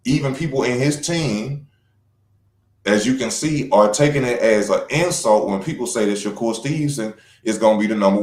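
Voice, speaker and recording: A man's voice: mid-range voice, darkish tone, echoey room. A man, giving casual, slangy boxing news commentary to viewers that turns heated and emphatic.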